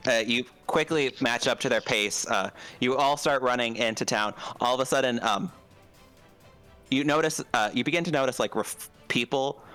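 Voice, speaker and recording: A man's voice: mid-range voice, normal speed, a bit bright, clear, resonant tone, soft background music. A man narrating a tabletop game as dungeon master, hesitant and full of fillers and restarts.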